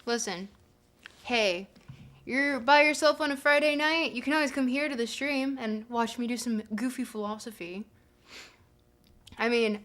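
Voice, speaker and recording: Woman streamer, casual chatty host, meandering and full of fillers, slightly raised pitch. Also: fairly bright tone. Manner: rambling, filler-heavy, thinking aloud. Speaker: livestream host. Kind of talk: casual livestream chat.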